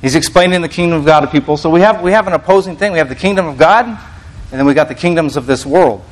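Male preacher, somewhat high voice; conversational sermon, reads scripture and unpacks it casually. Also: quick pace, poor audio. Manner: reads scripture aloud, frequent restarts, conversational asides. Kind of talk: sermon teaching.

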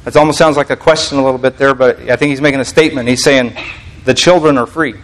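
A man's voice: mid-range voice, fairly even intonation, quick pace, low-quality recording. A man preaching a casual teaching sermon, reading scripture aloud and explaining it in a conversational, restarting manner.

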